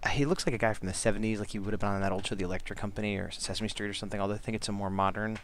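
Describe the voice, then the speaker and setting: This comics vlogger talks rapid-fire in a fairly low, fairly even voice, chatting casually as he draws. His speech rambles, with frequent fillers and restarts.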